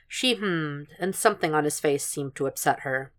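A woman narrates a fan fiction audiobook in a low voice. Her storytelling is steady and even. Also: moderate pace. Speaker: podfic reader.

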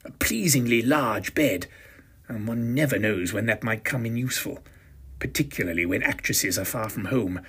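A man's voice: lowish voice, lively intonation, normal speed, fairly bright tone, husky. A man in his fifties narrating a first-person audio drama with a pompous, self-satisfied, arch manner. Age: 50s.

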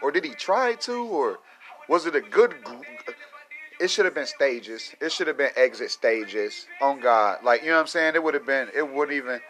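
A man's voice: mid-range voice, lively intonation, normal speed, a bit bright. A young adult man, ranting casually to his viewers with lots of swearing and laughter. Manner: profane, rambling, laughs often. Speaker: vlogger.

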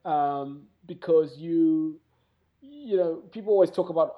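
South African man, animated podcast guest. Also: a little high, unhurried. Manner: animated, laughs often, self-deprecating. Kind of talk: casual chat.

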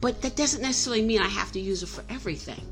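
A woman's voice: on the high side, very fast, faint music behind. A middle-aged woman telling a personal story in a candid, self-reflective way, often restarting her sentences.

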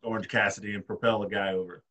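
Man, low voice, laid-back podcast co-host, sitting a little away from the mic. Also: steady tone, fast, fairly bright tone, far from the mic. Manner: laid-back, reasoning aloud with fillers. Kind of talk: casual chat.

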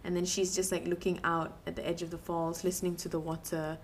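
A woman's voice: lowish voice, little pitch movement, brisk, slight background noise. A woman co-hosting a book podcast, chatting casually, laughing often and acting out quotes from the story. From Malaysia.

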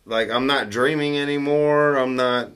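A man's voice: mid-range voice, steady tone, measured pace, a bit bright, clear, resonant tone. A Southern US man telling a story in casual chat, rambling and profane, with laughter breaking in.

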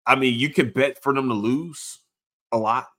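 A man hosting a casual sports podcast, rambling and swearing, jumping into sudden high excited outbursts. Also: normal speed. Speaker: podcast host.

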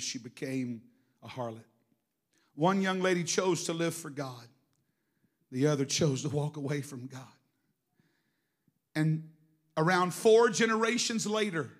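A middle-aged man preaching a sermon, telling emotional stories that swing from hushed to shouting. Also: on the high side. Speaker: pastor.

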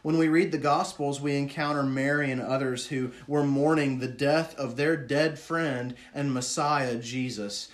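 A man preaching a sermon with earnest feeling. He asks his listeners questions and drops to a hushed, low voice on words of grief. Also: fairly even intonation, unhurried, few pauses.

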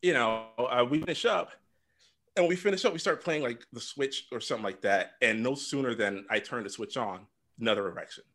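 A man's voice: mid-range voice, fairly quick, fairly bright tone. A young man casually telling a rambling, profane story to a friend on a talk show, laughing through it and repeating himself. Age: young adult. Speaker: podcast host telling a story.

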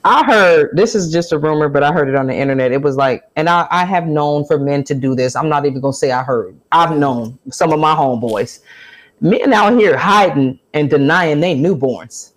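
A woman's voice: low voice, normal speed. A middle-aged woman co-hosting a podcast, blunt, profane and joking in casual chat. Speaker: podcast co-host.

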